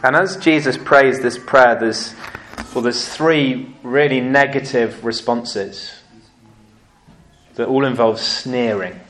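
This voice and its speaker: A man preaching a sermon, telling stories lively and acting out what people said. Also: mid-range voice, takes it slowly, a little hiss or hum. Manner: lively storytelling, acting out quotes.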